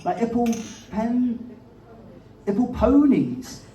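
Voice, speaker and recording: A man's voice: very high voice, sing-song, slow, dark tone, muffled recording, a little hiss or hum. A man performing a live stand-up set, chatty and self-mocking, often laughing at his own jokes. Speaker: stand-up comedian. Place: live comedy venue with an audience. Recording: roomy venue audio, captured from a distance with crowd laughter. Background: audience laughter.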